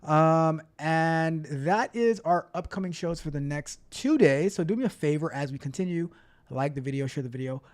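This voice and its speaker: A man hosting a casual tech livestream, talking to his chat in an upbeat, chatty way. His voice sits a little high. He often repeats phrases and trails off while reading comments. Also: expressive, moderate pace. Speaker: livestream host and tech coach.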